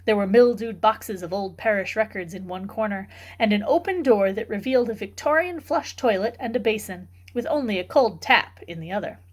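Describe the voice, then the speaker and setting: A woman reads a novel aloud for a book club in a steady, clear storytelling manner. Her voice sits at a middle pitch and keeps an even narrating pace. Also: brisk, few pauses.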